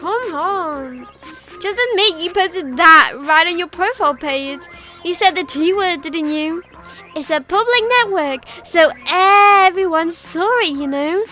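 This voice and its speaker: A gleefully cruel girl host of a game show, mocking and coldly sweet, as a woman reads her lines aloud. Her voice sits very high and sing-song, teasing her victim. Faint game music plays underneath. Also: a little slow, bright, forceful tone, heavily acted. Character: cheerful sadistic girl hosting a show. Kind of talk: reading game dialogue aloud.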